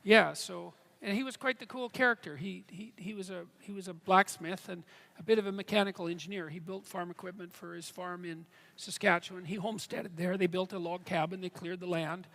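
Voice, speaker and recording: A man answering audience questions on stage, thinking aloud in halting phrases with a dry sense of humor. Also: high-pitched, steady tone, creaky, fairly bright tone, long reverb tail. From Canada. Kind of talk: live on-stage Q&A. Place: large theatre stage.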